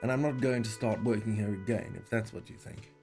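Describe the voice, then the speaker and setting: A man's voice: on the low side, fairly quick, a little mellow, close to an everyday voice. An actor playing a curt, defensive middle-aged male cafeteria manager in a video game, heard with faint game music.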